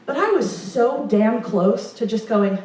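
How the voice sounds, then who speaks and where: A woman's voice: on the high side, expressive, unhurried, darkish tone. A young woman telling a comic story on stage, chatty and self-amused, with lots of fillers. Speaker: improv performer. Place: performance room. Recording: very echoey room from far off.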